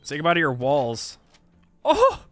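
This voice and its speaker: A man's voice: mid-range voice, sing-song, moderate pace, a bit bright. A man casually commenting on his own strategy game as he plays, chatting wryly to himself and to the characters in the game. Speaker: streamer. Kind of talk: live gameplay commentary.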